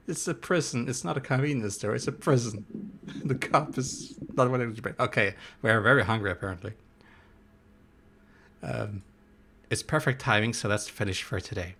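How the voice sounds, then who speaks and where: A young man giving live commentary on a horror game, excitable and quick to swear and yelp at scares while reading his chat aloud. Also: medium pitch. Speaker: streamer playing a horror game.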